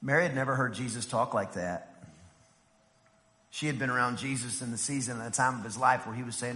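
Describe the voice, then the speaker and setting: Bright-voiced male preacher in a reverberant hall. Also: mid-range voice, brisk. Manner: preaching with big swings from hushed to shouting. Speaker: pastor. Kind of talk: sermon.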